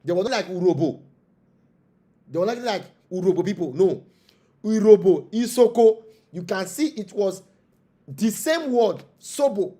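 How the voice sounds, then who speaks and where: A man's voice: high-pitched, animated, measured pace, pauses often, dark tone. A man with a Nigerian accent, a traditional spiritual leader speaking as an interview guest, preaching with rhetorical questions and repeated phrases. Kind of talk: impassioned interview monologue.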